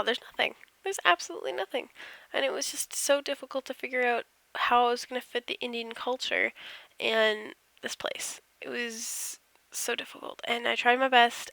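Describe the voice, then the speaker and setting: A woman's voice: fairly high pitch, normal speed, vocal fry, pushed and bright, no room sound. A woman casually narrating over her game build, rambling and self-deprecating, yawning as she goes. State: tired, yawning.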